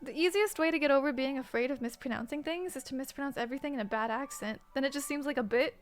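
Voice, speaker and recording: High-voiced playful woman streamer. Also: faint music behind. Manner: playful, joking, quick to laugh. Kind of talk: casual game commentary.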